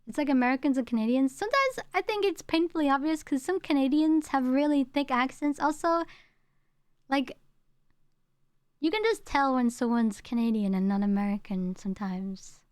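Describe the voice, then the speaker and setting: A high-voiced woman streamer from the UK talks casually with her live chat. She rambles and repeats lines, with her home accent toned down. The close mic sounds dry, with no room echo. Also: moderate pace. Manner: chatty, rambling, repeats herself. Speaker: VTuber streamer.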